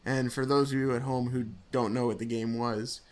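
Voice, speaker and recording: A man co-hosting a podcast, laying out the rules of a quiz game with frequent filler pauses. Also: medium pitch, little pitch movement, darkish tone. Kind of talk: casual podcast chat.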